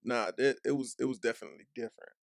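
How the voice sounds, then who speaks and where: A man's voice: medium pitch, fairly even intonation, rapid-fire, gravelly, dry recording, studio quality. A young man from Dallas with a Texas accent, a former football player telling loose, profane stories as a guest on a podcast. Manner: loose, profane storytelling full of "like" and acted-out quotes. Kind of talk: casual chat.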